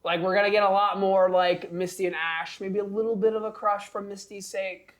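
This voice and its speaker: A woman co-hosting a podcast in casual chat, animated and teasing, talking in quick bursts. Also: medium pitch. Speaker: podcast co-host.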